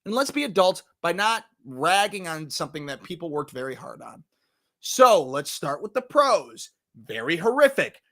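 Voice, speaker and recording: A man hosting a movie review show in casual chat, animated and jokey, often swearing and acting out scenes. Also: on the high side, normal speed. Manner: animated, jokey, profane, acts out scenes in put-on voices. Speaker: podcast host reviewing movies.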